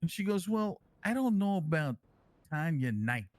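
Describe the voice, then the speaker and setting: Male player as a swaggering, foul-mouthed mob king; rambling, animated talker, slightly high voice, dry sound. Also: moderate pace, no room sound. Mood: boastful. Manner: rambling storyteller, swears constantly, lively and animated. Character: brash crime-family man calling himself king, crude. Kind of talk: online role-play in character.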